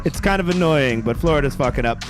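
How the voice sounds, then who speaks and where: A man's voice: on the high side, expressive, quick pace, soft background music. A man hosting a podcast, reading a cannabis news roundup in a loose, joking way and swearing freely. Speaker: podcast host. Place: podcast studio.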